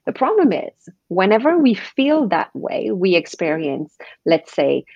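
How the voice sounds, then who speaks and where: Female coach guest, animated and expressive. Husky tone, muffled sound. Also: medium pitch, unhurried, dry recording. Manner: animated, acts out quoted voices. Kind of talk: podcast interview.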